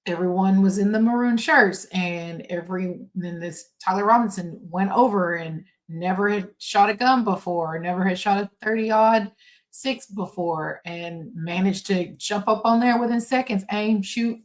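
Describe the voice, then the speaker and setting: A woman hosting a casual commentary podcast from home, talking in a halting way with many fillers and restarts. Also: medium pitch. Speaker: podcast host.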